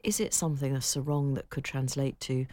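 A woman co-hosting a radio chat show, dry and self-mocking, quick to laugh at her own stories as she reads out listener emails. She grew up in northern Liverpool. The studio sound is close and dead, with no room at all. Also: extremely low pitch, fairly even intonation, darkish tone, dry recording.

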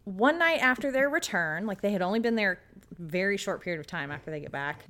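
A woman's voice: mid-range voice, animated, fast talker, fairly bright tone. A woman podcast co-host telling a story dramatically in a casual chat, acting out the quotes.

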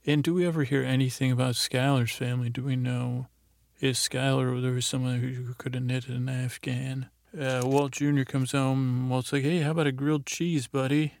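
A man's voice: mid-range voice, level tone, normal speed, vocal fry, a little mellow, no room sound. A man hosting a bedtime podcast, rambling through a meandering, drowsy recap meant to lull listeners to sleep. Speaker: podcast host.

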